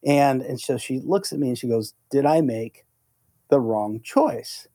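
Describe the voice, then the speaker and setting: A middle-aged man co-hosting a podcast, telling a story in a casual, animated way and acting out the lines he quotes. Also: mid-range voice, moderate pace, no room sound. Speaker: podcast co-host; negotiation instructor.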